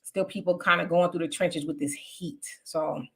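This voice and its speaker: Casting note: woman, live-stream host, clear bright tone, chatty, answers viewer comments. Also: on the low side, fairly even intonation, moderate pace. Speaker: livestream host reading chat comments. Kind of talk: casual live-stream chat.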